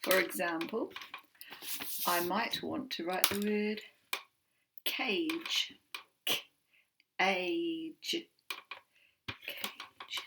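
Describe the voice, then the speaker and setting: A woman with a New Zealand accent teaching an online phonics lesson from home, slowly sounding out letters and words. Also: on the low side, creaky, heavy background noise. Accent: New Zealand English.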